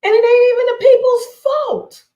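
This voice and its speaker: A woman's voice: extremely high pitch, level tone, normal speed, mellow, lo-fi sound. A woman in her forties hosting a faith-based talk show, speaking emphatically, repeating her key points and laughing often. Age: 40s. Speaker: radio show host. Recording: roomy echoey sound.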